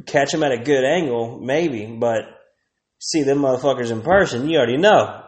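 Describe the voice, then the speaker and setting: A Texan podcast host in his 30s delivers a crude, profane comedic rant, rambling and laughing often. His medium-pitched voice moves at normal speed in an echoey room.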